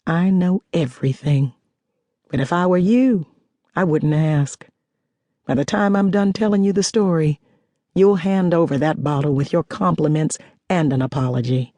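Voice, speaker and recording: A woman voicing a confident, sharp-witted woman chemist who speaks in a dry, teasing, self-assured way in an audiobook. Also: low-pitched, moderate pace, no echo.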